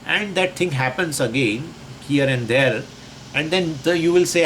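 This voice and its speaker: A man's voice: on the high side, a little slow, fairly bright tone, slight background noise, rough recording. A man teaching a lecture on Sanskrit scripture. He explains the terms in English and asks and answers his own questions.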